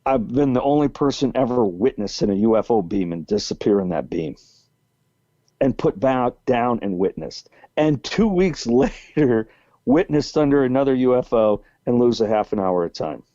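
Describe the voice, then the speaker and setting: Over muffled, lo-fi call audio with no room sound, a podcast guest in his sixties tells a long, rambling story with frequent restarts. He has a New England accent and a medium-pitched, expressive, mellow voice at normal speed.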